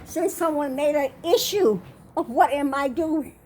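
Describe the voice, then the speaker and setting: Walking through her small kitchen with phone in hand, an older vlogger speaks slowly in a high, slightly mellow voice, out of breath and insistent, repeating "okay." The recording is low quality, with a faint room hum.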